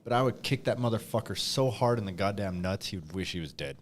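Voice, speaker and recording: A man co-hosting a podcast, joking crudely and reacting loudly in casual chat at a live broadcast. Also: fairly low pitch, animated, fast. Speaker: podcast co-host. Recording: live crowd noise behind.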